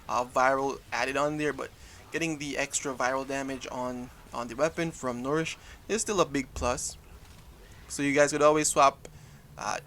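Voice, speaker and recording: A man's voice: mid-range voice, fairly bright tone, a little hiss or hum. A young man, casually talking over gameplay footage and often correcting himself as he goes. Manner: casual, rambling, frequent self-corrections. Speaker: gaming YouTuber.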